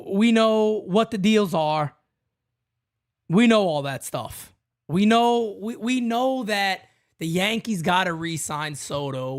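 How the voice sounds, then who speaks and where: Animated man hosting a fan call-in show. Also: sits high. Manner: animated, repetitive, slangy. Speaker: host taking fan calls. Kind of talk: casual fan talk show.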